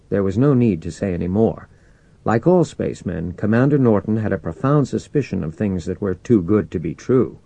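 A man narrating a novel in a low, mellow voice, with lively rises and falls in pitch. His measured, expressive reading is recorded close and dry, with no room sound. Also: gravelly, dry recording, muffled recording. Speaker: audiobook narrator. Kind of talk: scripted narration.

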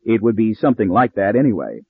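A man reading the part of a cautious ship captain who speaks in a measured, hedging way, recorded with narrow phone-like sound. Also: on the low side, sing-song, breathy edge, dry recording, exaggerated voice.

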